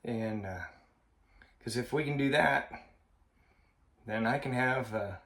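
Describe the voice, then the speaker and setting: A man vlogging in a slow, halting, heartfelt way, with a frequent cough. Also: medium pitch, fairly bright tone. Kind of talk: personal vlog monologue. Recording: roomy echo.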